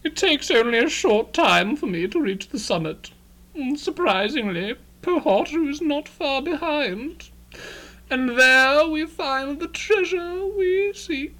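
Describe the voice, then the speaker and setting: A cold, commanding loner hero voiced by a woman in a fan-dub adventure. The voice is high and lively, and the pace is slow and deliberate. Lines come out as clipped orders or grand narration. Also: full character voice, low-quality recording.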